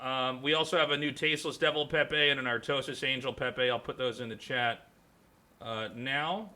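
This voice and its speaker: A man's voice: medium pitch, fairly even intonation, normal speed, sharp tone. A man hosting a live game stream in a casual, chatty way, thanking subscribers and swearing now and then. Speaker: stream host and caster.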